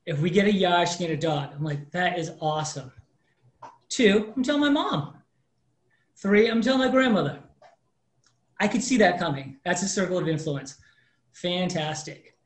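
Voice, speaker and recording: A man's voice: high voice, normal speed, long pauses. A man in his fifties shares a personal story as a guest in an interview. He tells it with energy and acts out the people he quotes. His voice carries a roomy echo. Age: 50s. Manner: animated storyteller acting out quoted dialogue. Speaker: mortgage professional guest.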